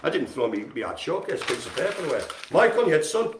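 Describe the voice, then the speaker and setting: A man hosting a community centre's live stream, giving casual, jokey shout-outs and poking fun at himself. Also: fairly high pitch, big pitch swings, fast, background noise. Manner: chatty, jokey and self-mocking. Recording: roomy echo.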